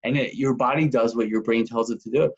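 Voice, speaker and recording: A male podcast host with a husky, breathy voice asks his questions earnestly and speaks openly about himself. The audio sounds slightly dull. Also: mid-range voice, fairly even intonation, a little fast. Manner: earnest, personal. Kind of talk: interview questions, casual chat.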